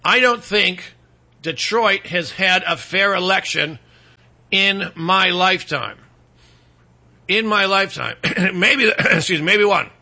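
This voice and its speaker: A man from Michigan hosting a talk show, rambling and sarcastic, clearing his throat now and then between political rants and ad reads. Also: high voice, expressive, slow pace, long pauses, pushed and bright. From Michigan, USA.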